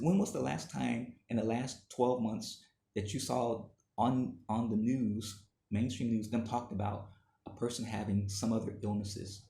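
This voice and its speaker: A man's voice: fairly low pitch, creaky, dark tone, reverberant. A man delivering an indignant, emphatic opinion monologue that keeps repeating its points. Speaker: commentator.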